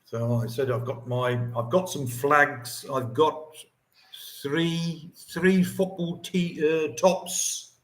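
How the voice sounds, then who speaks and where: A man's voice: a little high, steady tone, slow. A man with an English accent hosting a casual livestream from home, rambling, chatting and reading out viewer comments. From England. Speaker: livestream host. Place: home in the Philippines. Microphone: phone or camera mic.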